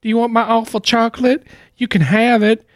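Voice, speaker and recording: A man voicing a tiny, gentle male teddy bear toy that is offering a gift. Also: extremely high pitch, flat delivery, brisk, no room sound, studio quality, voice pushed up. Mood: coaxing. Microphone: studio microphone.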